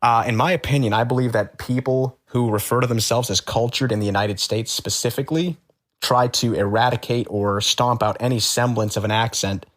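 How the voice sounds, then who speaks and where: A man as an interview guest, telling stories in a halting, matter-of-fact way with many fillers. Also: mid-range voice. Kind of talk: conversational storytelling.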